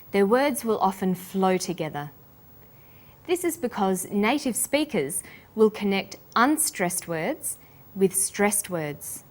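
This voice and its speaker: A woman with an Australian accent hosting a scripted English pronunciation lesson, speaking slowly and articulating each word clearly. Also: mid-range voice. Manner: slow, deliberate, clearly articulated. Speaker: English teacher and host.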